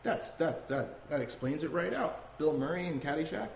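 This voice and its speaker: A man's voice: a little high, lively intonation, normal speed, creaky. A man hosting a podcast in a heated, emphatic rant that often turns to swearing. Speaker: podcast host. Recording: echoey room with faint noise.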